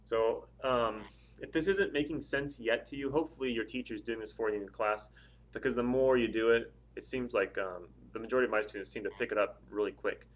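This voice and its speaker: A man teaches a recorded language lesson in a steady, mid-pitched voice. He explains grammar carefully and repeats example words slowly so students can hear where the stress falls. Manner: slow, careful, repeats words to model pronunciation. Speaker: Spanish teacher.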